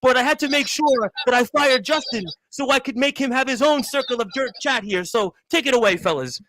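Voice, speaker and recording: A man's voice: very high-pitched, brisk, a bit bright, dry recording, rough recording. A man putting on a smug male wrestling promoter in a rambling, mocking monologue.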